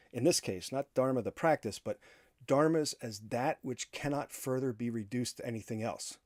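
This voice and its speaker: A man's voice: medium pitch, a little mellow, dry recording, studio quality. A man giving a philosophy class lecture, talking casually, acting out quotes in other voices and chuckling often.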